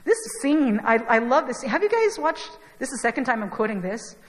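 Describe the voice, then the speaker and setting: Young female preacher, chatty and animated, a touch high-pitched, heard in a reverberant church hall. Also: fairly quick. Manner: animated, chatty storytelling with asides to the congregation. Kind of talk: conversational sermon.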